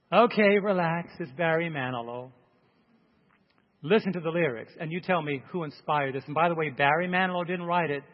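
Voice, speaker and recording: A man preaching emphatically, reading song lyrics aloud slowly to make his points. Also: fairly high pitch, husky. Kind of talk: sermon. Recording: dull, long hall reverb.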